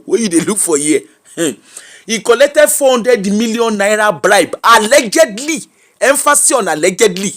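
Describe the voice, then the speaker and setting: Emphatic Nigerian-accented livestream host. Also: mid-range voice. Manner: emphatic, repeats phrases, chatty and mocking. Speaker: host of an online gossip and news show. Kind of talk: live-streamed commentary reading viewers' comments.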